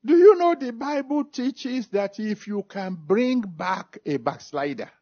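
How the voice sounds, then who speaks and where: A man preaching a sermon, reading scripture, then making an altar call and praying. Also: expressive. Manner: emphatic preaching with big pitch swings, slow drawn-out phrases. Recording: dull lo-fi recording.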